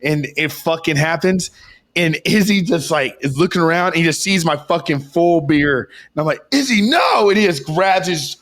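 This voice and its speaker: A young man with a hoarse, worn voice, pitched a little high, rambling through an excitable story on a podcast. He swears constantly and keeps restarting his sentences in loose, casual chat. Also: normal speed. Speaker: podcast co-host.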